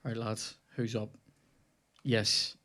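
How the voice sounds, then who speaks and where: Young male comedian host, sweary, animated storyteller, ranting at a football game mid-chat. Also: on the low side, slow. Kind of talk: casual chat while playing a football video game.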